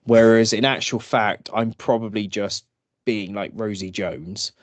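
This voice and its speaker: Slow, low-voiced man chatting. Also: steady tone, no echo. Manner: slow, laughing storytelling with acted drunk voices. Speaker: podcast co-host. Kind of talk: casual chat.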